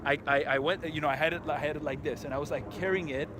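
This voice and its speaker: A man vlogging outdoors at a park tennis court, telling a story to his camera in an excitable, rambling, profane way full of restarts. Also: on the high side, fast, background noise.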